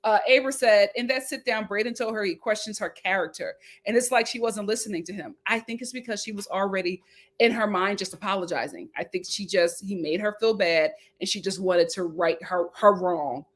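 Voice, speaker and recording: A woman's voice: mid-range voice, fairly quick. A woman hosting a casual reality show recap, reading out viewer comments and repeating her lines for emphasis.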